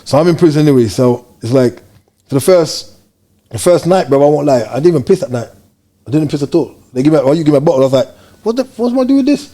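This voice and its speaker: A man from Jamaica, telling his story as an interview guest in fast, animated street slang. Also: medium pitch.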